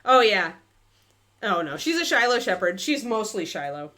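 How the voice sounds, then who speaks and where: Donna chiacchierona dalla voce molto mobile. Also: female voice, mid-range voice, sing-song, moderate pace, sharp tone. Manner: chatty, thinks aloud, many fillers, talks to her dog. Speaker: miniature painting livestream host. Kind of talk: casual chat while painting on a livestream.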